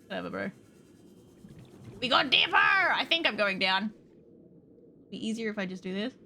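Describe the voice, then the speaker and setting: A woman's voice: mid-range voice, sing-song, normal speed, vocal fry, sharp tone, slight background noise. A woman casually commenting on her gameplay, swearing often with playful exasperation. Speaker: game streamer.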